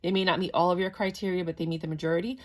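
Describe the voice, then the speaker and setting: A woman's voice: lowish voice, fairly even intonation, rapid-fire. A woman giving a casual, chatty tarot reading to camera, talking in a matter-of-fact way with lots of fillers. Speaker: tarot reader.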